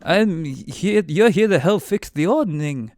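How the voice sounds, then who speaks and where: Tabletop game: a man putting on a chummy cloud giant, pitched well up, loud and breezy. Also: animated, slow, no room sound, clean studio sound. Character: towering male cloud giant, laid-back and chummy.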